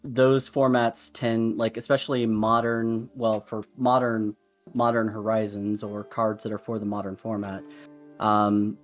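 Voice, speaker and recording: A man's voice: on the low side, flat delivery, a little slow, faint music behind. A man chatting casually on a voice call with friends about a card game, rambling with many fillers and restarts. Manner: rambling, hesitant, lots of fillers.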